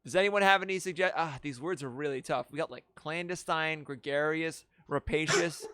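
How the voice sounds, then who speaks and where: Guy hosting improv on a video call, bright voice, bouncy, dry sound. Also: on the high side, moderate pace, clear, resonant tone, no room sound. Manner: lively, laughs often, chatty. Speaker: improv show host. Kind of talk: live improv comedy over video call.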